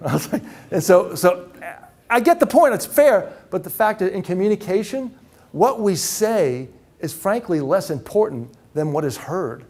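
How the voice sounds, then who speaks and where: A man giving a live leadership talk to a room, energetic and asking the audience questions. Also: fairly high pitch, fairly quick. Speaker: keynote speaker.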